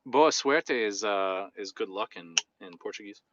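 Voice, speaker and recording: A man's voice: on the low side, unhurried, fairly bright tone, highs cut off, a little hiss or hum. A man live-streaming from inside a car, chatting loosely and jokingly while reading out viewer comments. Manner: loose and joking, drifts between topics.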